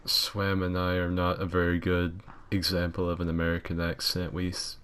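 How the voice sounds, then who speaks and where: A man's voice: deep voice, monotone, moderate pace, fairly bright tone, clean tone. A man hosting a podcast in casual, crude, joking chat, swearing freely. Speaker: podcast host.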